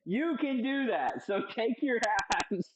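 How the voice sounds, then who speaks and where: A young man cooking in his home kitchen on a live stream, joking loudly, swearing and chatting to viewers. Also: very high voice, very animated, takes it slowly, muffled recording, background noise. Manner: loud, profane, joking, reads chat aloud. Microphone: streaming setup with several cameras.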